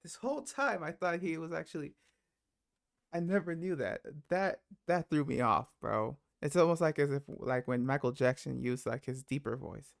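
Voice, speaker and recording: Gravelly-voiced man reacting casually. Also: a little high, lively intonation, moderate pace, no room sound, clean studio sound. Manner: laid-back, slangy, exclamatory. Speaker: reaction video host.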